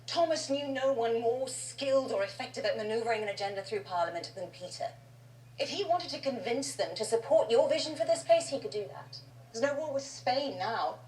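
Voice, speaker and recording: An actress playing a poised aristocratic woman, measured and earnest. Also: a little high, animated, darkish tone, a little hiss or hum, natural voice. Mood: persuasive. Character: poised aristocratic woman confronting an old love. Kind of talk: TV drama dialogue. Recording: roomy clip with music underneath.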